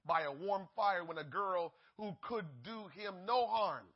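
A man preaching a sermon, swinging from shouted peaks to hushed asides and acting out the voices in the story. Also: high-pitched, a little slow, dull audio.

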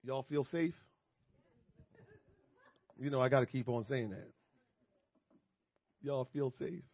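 A man's voice: medium pitch, slow. A man preaching a sermon as pastor, emphatic and repetitive, chuckling between points, recorded dry and slightly muffled.

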